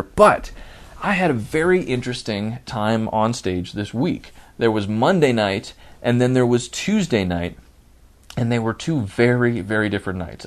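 A married man hosting his own comedy podcast, ranting with growing indignation and then settling into relaxed storytelling. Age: adult, married. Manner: indignant ranting, rising loud and high when worked up. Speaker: podcast host and stand-up comic. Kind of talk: solo comedy podcast rant.

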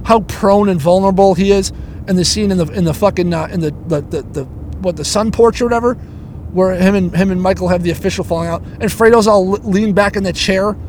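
Man, high-pitched, profane rambling storyteller, recorded in a car on a handheld recorder. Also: brisk, darkish tone, slight background noise. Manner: swears constantly, rants, restarts and digresses. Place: inside a car stuck in traffic.

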